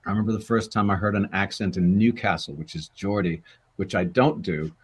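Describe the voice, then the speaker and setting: An older actor being interviewed, chatting in a rambling, self-deprecating way. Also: male voice, sits low, brisk, breathy edge. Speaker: guest actor. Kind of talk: casual interview chat.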